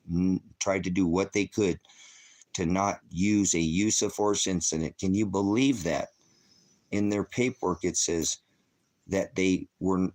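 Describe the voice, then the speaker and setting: A distraught middle-aged man hosting his own channel, talking unscripted as a father and rambling, swearing often as he goes. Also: low-pitched. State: shaken and upset. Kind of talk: emotional unscripted vlog monologue.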